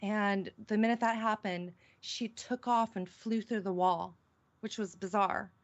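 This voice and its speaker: A woman's voice: medium pitch, steady tone, measured pace. A middle-aged woman, a radio show guest, earnestly recounting a personal experience with many restarts. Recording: dull, lo-fi call-in audio.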